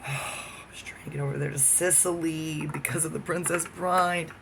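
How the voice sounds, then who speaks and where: A man holds forth in a loose solo monologue, swearing freely and hopping between subjects. His voice sits a little high for a man and carries a gravelly fry, with a slight hiss behind it. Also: fairly even intonation, moderate pace. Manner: profane, jumping from topic to topic. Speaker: vlogger.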